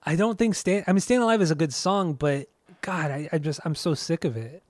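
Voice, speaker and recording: Podcast host guy, kinda rambly, lots of restarts, slightly high voice, dry mic. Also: fairly quick, dry recording. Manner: rambling, hesitant, full of restarts. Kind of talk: casual chat.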